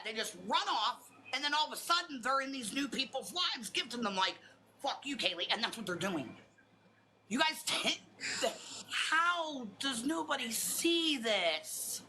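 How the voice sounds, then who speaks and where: A woman hosting a livestream, talking loudly and bluntly with lots of swearing as she rants. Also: fairly high pitch, slight background noise, low-quality recording. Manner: loud, blunt and profane. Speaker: livestream host. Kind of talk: heated livestream rant.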